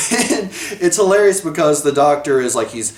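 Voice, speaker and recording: A man's voice: on the high side, animated, moderate pace. A man giving a casual video review of a TV episode, rambling, correcting himself and laughing often. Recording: echoey room.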